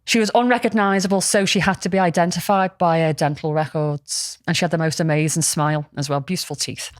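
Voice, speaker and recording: A woman's voice: lowish voice, steady tone, quick pace, no room sound, clean studio sound. A woman, casually telling a story on a podcast, rambling with lots of ums and restarts. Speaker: podcast co-host.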